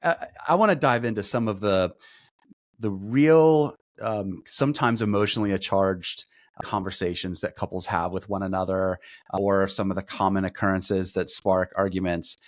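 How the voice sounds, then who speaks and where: A man in his forties hosts a podcast in a fairly low voice. He chats casually, pokes fun at himself and winds his way through long questions. The sound is dry and close, with no room in it. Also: fairly even intonation, normal speed, dry recording. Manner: chatty, self-deprecating, rambling questions. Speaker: podcast host.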